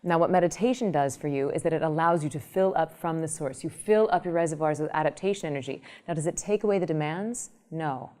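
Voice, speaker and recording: A woman meditation teacher explaining her ideas in an interview, telling lively everyday examples. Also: deep voice, fast talker, hardly any pauses. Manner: animated storytelling, explanatory. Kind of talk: interview answer with acted examples.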